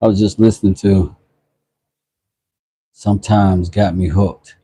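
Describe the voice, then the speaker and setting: Deep, slow-talking man. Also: little pitch movement, mellow, breathy edge, low-quality recording. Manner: laid-back, chatty, greets viewers. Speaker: livestream host. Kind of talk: casual livestream chat.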